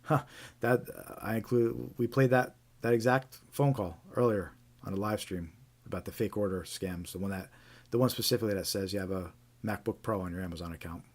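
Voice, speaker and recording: A man's voice: on the low side, fairly quick. A man hosting a live stream, casually reading out reports with frequent fillers and restarts. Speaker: host.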